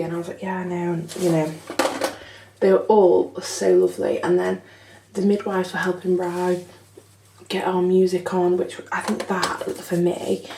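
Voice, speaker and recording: A woman's voice: on the low side, level tone, a little slow, warm tone, slight background noise. A young woman telling her story in a chatty, frank vlog, swearing casually. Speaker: vlogger. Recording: echoey room, slightly far from mic.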